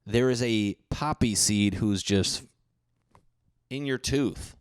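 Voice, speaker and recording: A man's voice: on the low side, takes it slowly, smooth, no room sound, studio quality. A young man hosting a solo podcast, ranting comically with profanity and mocking voices for other people. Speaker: podcast host. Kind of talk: solo comedic rant.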